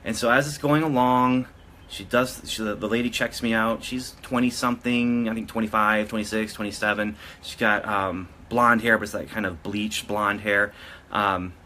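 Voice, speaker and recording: Man, casual storytelling vlogger, slightly low voice, crisp forceful tone, rambling with restarts. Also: fairly even intonation, normal speed, slight background noise. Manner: rambling, with frequent restarts and self-corrections.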